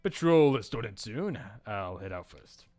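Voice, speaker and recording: A man reading a calm, proud woman knight. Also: on the low side, a little slow, faint music behind.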